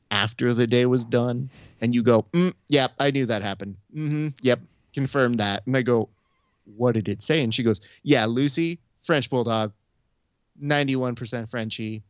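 A young adult man telling a story in casual chat, animated, acting out quoted lines with shifts in pitch. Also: no echo, dull audio. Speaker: podcast host. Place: Burbank area.

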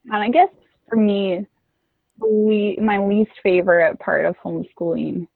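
A young adult woman, a former homeschooler, chatting casually as an interview guest with quick asides. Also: mid-range voice, steady tone, gravelly, dry recording. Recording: tinny phone-like line.

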